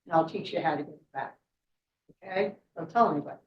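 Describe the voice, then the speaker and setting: A woman's voice: fairly low pitch, quick pace, natural voice. Woman telling of a wise, secretive snake. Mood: confiding. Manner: calm, instructive, confiding. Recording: echoey room, distant mic, dull sound.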